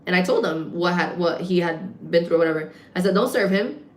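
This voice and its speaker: A woman livestreaming, telling a story in a casual, animated way, swearing often and acting out the voices of other people. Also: fairly low pitch, brisk. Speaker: livestreamer and gym content creator. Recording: echoey room.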